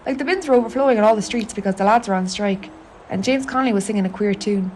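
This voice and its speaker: A woman's voice: medium pitch, fast, a little mellow, slight background noise. A woman with an Irish accent narrating a confiding spoken-word monologue, intimate, wry and sweary. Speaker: narrator of an autofictional audio artwork.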